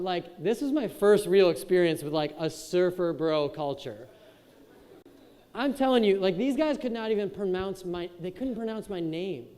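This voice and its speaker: Young man from Wisconsin, high voice, casual joking keynote speaker, hall reverb. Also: darkish tone. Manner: casual and joking, chats with the crowd. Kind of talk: motivational speech to a youth audience. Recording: echoey hall with long reverb.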